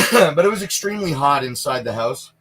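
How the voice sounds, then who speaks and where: A man's voice: fairly high pitch, animated, moderate pace, fairly bright tone, slightly rough. A man with a Canadian accent hosting a casual live stream from inside a small camper trailer, chatting in a rambling way and answering viewers' questions. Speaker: livestream product reviewer.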